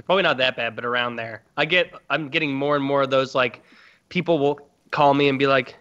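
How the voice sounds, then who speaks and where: A man's voice: mid-range voice, brisk, pushed and bright. A man chatting casually with friends, joking and mimicking callers in his stories. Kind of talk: casual chat. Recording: dull lo-fi recording.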